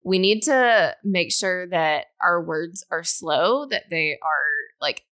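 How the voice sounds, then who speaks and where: A woman's voice: on the low side, lively intonation, takes it slowly, a bit bright. A young adult woman co-hosting a podcast, speaking earnestly and casually with lots of filler words. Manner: earnest, rambling, heavy use of "like". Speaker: podcast co-host. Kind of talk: casual chat.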